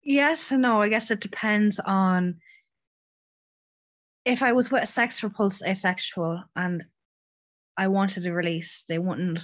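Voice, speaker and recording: A woman guest on a podcast, giving brief, unhurried answers. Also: medium pitch, fairly even intonation, highs cut off. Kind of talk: casual chat.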